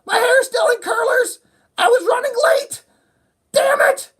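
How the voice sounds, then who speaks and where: A man voicing a frazzled middle-aged office mother with her hair in curlers, shrieking and sobbing in a very high put-on voice. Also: measured pace, fairly bright tone, raised voice. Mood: furious.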